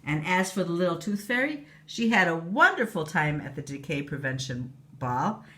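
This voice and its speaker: A woman reading a bedtime storybook aloud to a child. Her voice is mid-pitched and very animated, rising and falling as she tells the tale. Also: normal speed. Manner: expressive, lively storytelling.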